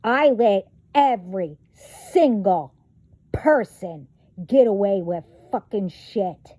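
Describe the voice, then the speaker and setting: A woman's voice: mid-range voice, lively intonation, slow pace, warm tone, no room sound. A woman vlogger delivering a profane, confrontational rant straight to her viewers. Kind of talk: angry rant to camera.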